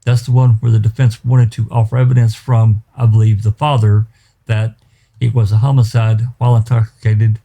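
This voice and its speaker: A man's voice: on the low side, level tone, normal speed, creaky, dark tone. A man defense attorney rebutting the prosecution in a courtroom, pointed and emphatic, with many fillers.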